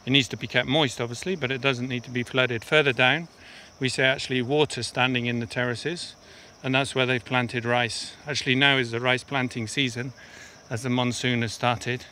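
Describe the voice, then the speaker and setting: A man's voice: medium pitch, steady tone, moderate pace, sharp tone, a little hiss or hum. A man working as an aid worker, explaining things step by step in a field interview on a mountain path. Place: outdoors on a steep mountain path.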